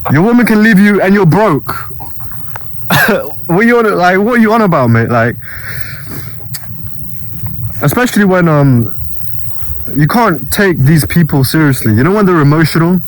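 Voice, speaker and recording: A man's voice: high voice, expressive, a little slow, long pauses, a little hiss or hum, rough recording. Rambling young man telling a story. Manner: rambling, with many restarts and acted quotes. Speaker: self-improvement vlogger. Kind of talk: casual storytelling monologue.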